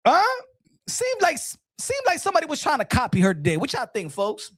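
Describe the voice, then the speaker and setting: A man's voice: very high voice, huge pitch swings, normal speed, a bit bright, no echo, studio quality. A man hosting a casual reaction commentary, ranting in a mocking, profane way. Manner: profane, mocking, laughing rant. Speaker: commentary channel host.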